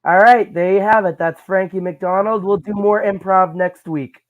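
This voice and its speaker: High-voiced rambling man, improvising. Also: steady tone, moderate pace, narrow, tinny audio. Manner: rambling, stammering, acts out silly characters. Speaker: podcast co-host. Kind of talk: improvised comedy chat.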